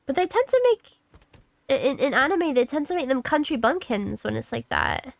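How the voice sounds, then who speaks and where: A woman's voice: sits high, expressive, moderate pace, vocal fry, dry recording. A woman in her thirties streaming a game, rambling casually to herself and her chat and swearing freely. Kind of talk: casual gaming commentary.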